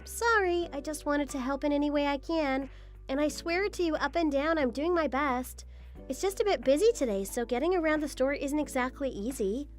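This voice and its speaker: A woman's voice: high voice, moderate pace, soft background music, lightly acted. A woman voicing a patient, apologetic young daughter-in-law in a scripted text-story drama. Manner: apologetic, polite.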